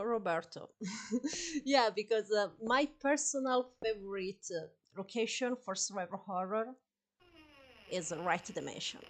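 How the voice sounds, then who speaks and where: An unhurried woman with an Italian accent chats her way through a live game stream. She is talkative and laughs easily, and she keeps apologizing for her English. Her voice sits at a middling pitch. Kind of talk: live-stream gameplay chat.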